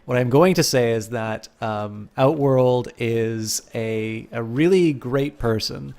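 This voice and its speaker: A man chatting casually on a live stream at an ordinary mid pitch. He rambles, corrects himself often, and speeds up when he gets excited. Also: slow.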